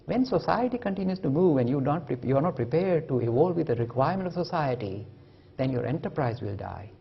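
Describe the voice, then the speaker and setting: A man giving an animated public lecture, telling stories and acting out the voices of the people in them. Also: fairly high pitch, a little fast, creaky, dull audio, a little hiss or hum. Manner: lively storytelling, acting out quoted voices. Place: lecture hall.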